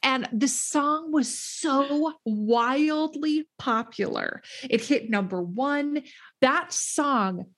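A woman host telling a story in casual chat, animated and quick to laugh, acting out what people said. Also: high voice. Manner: animated, laughing, acts out quotes in voices. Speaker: podcast host.

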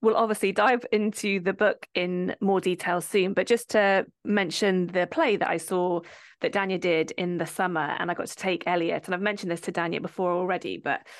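A woman's voice: fairly low pitch, fairly even intonation, moderate pace. Conversational woman co-host. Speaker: podcast co-host. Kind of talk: casual chat.

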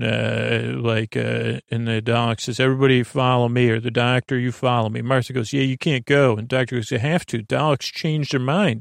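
Gravelly man rambling a sleepy recap. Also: medium pitch, dry recording, clean studio sound. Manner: meandering, full of uh and like, restarts. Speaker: podcast host.

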